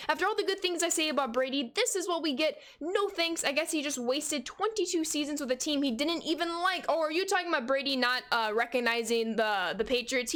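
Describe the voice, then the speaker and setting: High-voiced upbeat young woman streamer. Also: fairly bright tone. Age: 20s. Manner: upbeat, greets chat viewers by name. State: out of breath. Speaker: gaming streamer. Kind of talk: casual live-stream chat.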